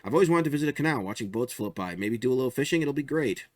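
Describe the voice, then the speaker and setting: A man's voice: mid-range voice, expressive, rapid-fire, no echo, studio quality, pitched above the performer's own voice, lightly acted. A man voicing Ralph, a dim-witted but lovable cartoon stick man who chatters eagerly. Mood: goofy cheerful.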